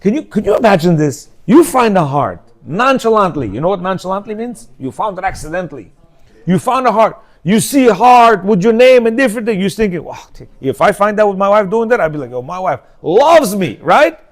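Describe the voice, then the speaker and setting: A man teaches a class with a high, very animated voice that swoops up and down. He keeps asking the room "yeah?" and "you know?", and now and then bursts into loud emphatic outcries. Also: brisk. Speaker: teacher giving a class on marriage. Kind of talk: animated storytelling class talk.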